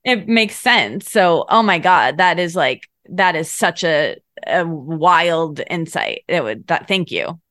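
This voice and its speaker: A woman's voice: fairly low pitch, animated, takes it slowly, few pauses, a bit bright, no echo, studio quality. A woman talking as a podcast guest in casual conversation, rambling and emotional, with lots of filler words.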